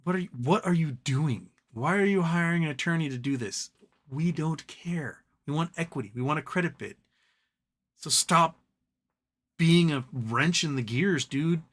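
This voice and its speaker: A man's voice: fairly high pitch, moderate pace, fairly bright tone. A man hosting a casual live stream, ranting animatedly and mocking other people's voices as he quotes them.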